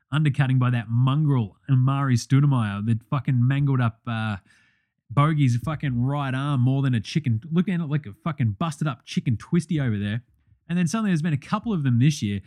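A man's voice: mid-range voice, a little mellow. A young Australian man hosting a basketball podcast, ranting bluntly and swearing often. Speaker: podcast host. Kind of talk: profane basketball commentary.

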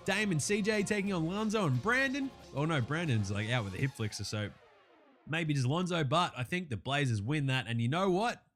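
A man with an Australian accent and a hoarse, sore throat, chatting casually as a podcast host and swearing freely. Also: fairly high pitch, expressive, fairly bright tone, faint music behind. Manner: brisk, swearing, slangy chat.

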